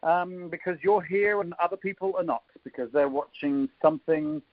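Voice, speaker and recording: A man's voice: a little high, steady tone, normal speed, dry recording. A man in his fifties with an English accent, hosting a conference call interview in a chatty, teasing way with lots of ums. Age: 50s. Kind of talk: casual chat, jokey introduction. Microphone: phone line on a conference call. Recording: dull dry phone-line sound.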